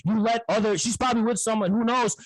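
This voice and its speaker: A man streamer in a heated online debate, loud and abrasive, repeating the same insults over and over. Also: high voice, fairly even intonation, fast, no echo, poor audio.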